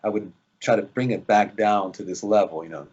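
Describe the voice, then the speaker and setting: A man's voice: lowish voice, fairly quick, a little mellow, lo-fi sound, a little hiss or hum. A man, an actor, chatting in an interview, rambling with lots of fillers and restarts. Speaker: actor guest. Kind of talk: casual interview chat.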